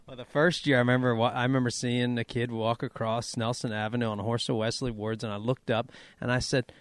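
Male interviewer, mid-pitched, smooth voice, easy conversational questions, dry close recording. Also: little pitch movement, fast talker, no room sound. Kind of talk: casual interview.

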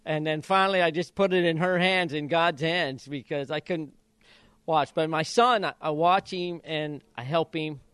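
Older man, former jockey, smooth slightly high voice, chatty storyteller who acts out quotes, dry close mic. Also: moderate pace, fairly bright tone, no echo. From Idaho. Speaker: retired jockey and father of jockeys. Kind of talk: casual interview storytelling.

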